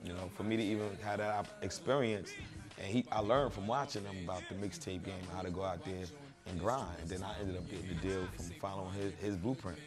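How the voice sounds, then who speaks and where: A man's voice: low-pitched, fairly even intonation, brisk, music in the background. A man being interviewed, telling stories in a blunt, profane, streetwise way. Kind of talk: casual interview talk.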